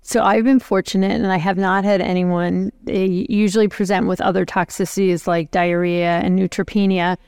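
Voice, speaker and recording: A clinician on a medical panel, recounting in an even way how they talk with patients. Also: mid-range voice, moderate pace, few pauses, clear, resonant tone, no echo, studio quality. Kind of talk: continuing-education panel discussion.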